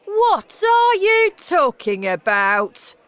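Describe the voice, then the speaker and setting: A woman voicing an angry, blustering father who shouts his lines. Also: very high-pitched, big pitch swings, very slow, dry recording, a faint crowd, voice pushed up, exaggerated voice. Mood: angry shouting.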